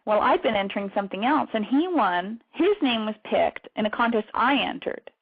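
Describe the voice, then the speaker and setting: A woman radio show host chatting casually, telling stories quickly with frequent laughs. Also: on the high side, animated, slightly rough. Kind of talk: casual chat. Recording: tinny phone-line radio audio.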